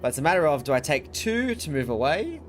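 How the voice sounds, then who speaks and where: Man, streamer, lively pitch, wry casual commentary, faint music underneath. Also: quick pace. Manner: chatty, wry, laughs often. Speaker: gaming streamer. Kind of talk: casual let's-play commentary.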